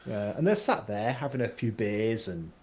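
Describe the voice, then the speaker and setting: A man's voice: fairly low pitch, sing-song, normal speed, a little mellow. A man narrating a tabletop game as game master, chatty and descriptive with many fillers.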